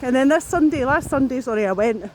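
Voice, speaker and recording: This vlogger has a high, lively, slightly mellow voice and talks fast. She rambles to the camera as she walks outdoors, breathless, restarting often and swearing along the way.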